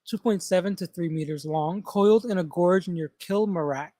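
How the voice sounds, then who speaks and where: A man's voice: high voice, moderate pace, warm tone, dry recording. A man hosting a casual tabletop gaming podcast, reading monster lore aloud and stumbling over place names. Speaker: podcast host.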